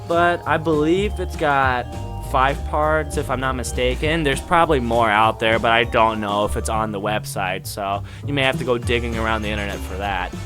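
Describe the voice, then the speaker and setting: A man reviewing anime in a casual, rambling monologue that flares into excitable, profane rants. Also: mid-range voice, normal speed. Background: background music.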